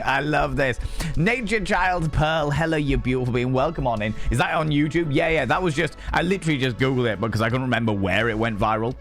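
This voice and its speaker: Chatty, cussing streamer. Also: male voice, on the high side, brisk, faint music behind. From Yorkshire, England. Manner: chatty and swearing, greets viewers warmly by name. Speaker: livestream host. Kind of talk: casual live-stream chat.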